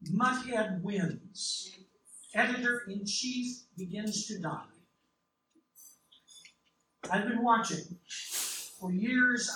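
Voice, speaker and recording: A man reading a literary novel in the first person, with a measured, reflective delivery. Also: sits high, bright, forceful tone. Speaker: audiobook narrator. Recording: roomy, distant mic, faint hiss.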